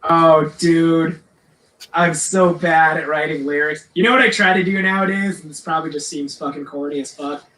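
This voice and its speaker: A metal singer tells a story on a podcast, swearing constantly. He talks in a high, bright voice. It rings out in an echoey room. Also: moderate pace. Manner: profane, rambling, animated. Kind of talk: casual storytelling chat.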